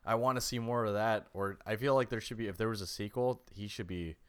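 A man with a lowish, smooth, clean voice chats about a movie. He is playful and quick to joke. His asides come out excitable. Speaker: podcast co-host. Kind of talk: casual movie review chat. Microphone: remote call microphone.

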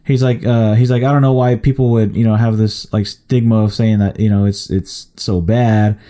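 In a laid-back chat on the podcast he co-hosts, a young man spins rambling stories stuffed with fillers. He speaks at a moderate pace in a fairly low, dark voice with little pitch movement.

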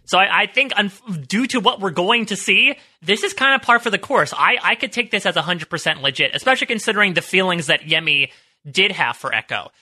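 A man's voice: sits high, expressive, brisk, pushed and bright. A man co-hosting a TV recap podcast, thoughtful and hedging, often restarting his sentences. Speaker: podcast co-host. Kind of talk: casual TV recap analysis.

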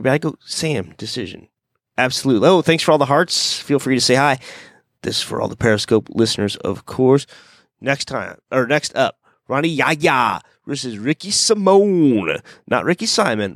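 A man's voice: medium pitch, a bit bright, no echo, clean studio sound. A man hosting a casual fight-picks podcast, talking in a rambling, self-deprecating way. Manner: rambling and self-deprecating, many "you know"s. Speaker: podcast host.

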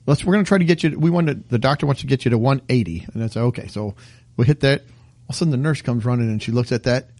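Co-hosting a casual chat show, a middle-aged man tells funny stories at a racing pace, animatedly acting out the doctors and nurses in them. His voice is mid-range, and the recording has no echo.

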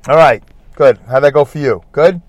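A man's voice: on the high side, darkish tone. A man with a Brooklyn accent hosting a rambling solo podcast, chatty, repetitive and self-deprecating. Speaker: podcast host. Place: in a parked car.

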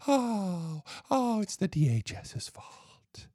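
A shrill whining childish complainer. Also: male voice, sing-song, warm tone, no room sound, clean studio sound, exaggerated voice. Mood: whiny mocking. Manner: whiny, drawn-out mocking wails. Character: whining childish complainer, petulant and self-pitying.

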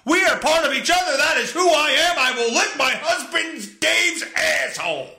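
A man mocking a wife as shrill, gushing and obsessively devoted, shrieking her adoration. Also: moderate pace, sharp tone, roomy sound, heavily acted. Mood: manic gushing. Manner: shrieking, over-the-top adoring.

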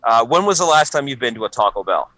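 A Canadian man co-hosting a podcast, telling animated stories in casual chat and swearing often. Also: mid-range voice, fast, no echo, low-quality recording. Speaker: podcast co-host.

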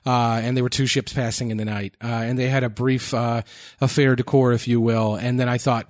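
A man co-hosting a TV discussion podcast who talks his analysis through at a steady, thoughtful pace. He leans on frequent "uh" pauses as he thinks aloud. His voice is recorded dry, with no room sound, and sits at a medium pitch. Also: no echo. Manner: thoughtful, many filler "uh"s. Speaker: podcast co-host. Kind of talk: casual chat analyzing TV episodes.

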